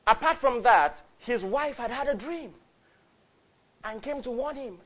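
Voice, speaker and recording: A man's voice: extremely high pitch, animated, a little slow. A man, preaching a fervent, storytelling sermon. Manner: fervent, builds to loud cries, storytelling.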